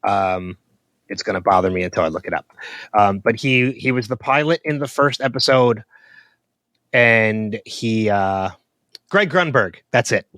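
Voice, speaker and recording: A man's voice: fairly low pitch, animated, a little slow, a bit bright, no room sound. A man co-hosting a podcast, chatting casually and thinking aloud with frequent ums and restarts. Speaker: podcast co-host. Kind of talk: casual chat.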